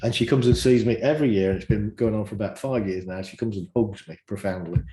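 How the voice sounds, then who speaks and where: A man, a guest practitioner, telling lively stories in casual chat and acting out the dialogue. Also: lowish voice, fast, reverberant. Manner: animated, acts out dialogue in stories.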